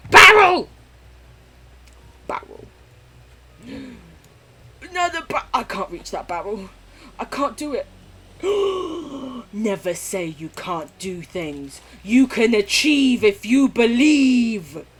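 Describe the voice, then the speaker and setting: A woman's voice: a little high, a little hiss or hum. A young woman streaming a game, chatting casually and rambling, swearing freely with sudden squeals. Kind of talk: casual chat while gaming on stream.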